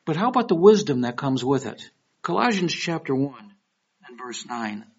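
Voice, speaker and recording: This husky, mid-range voice belongs to a middle-aged man from Michigan, a pastor with a Detroit accent who speaks at normal speed. He delivers his sermon like a conversation, telling stories full of lively quoted voices, on a dull lo-fi recording.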